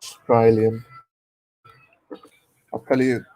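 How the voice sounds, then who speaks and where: A South African man in his late twenties hosting a casual live watch-along, chatting and cheering excitedly at the game. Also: mid-range voice, slow pace, poor audio. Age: late 20s. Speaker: live-stream host.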